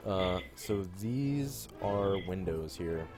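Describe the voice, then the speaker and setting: A man's voice: deep voice, expressive, slow, over music. A man acting as game master, casually describing scenes while sorting out audio trouble on a voice call. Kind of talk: running an online tabletop game.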